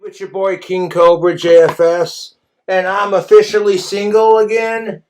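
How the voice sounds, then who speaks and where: A man's voice: high voice, roomy sound. A man ranting in a vlog monologue, aggrieved and profane. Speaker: vlogger.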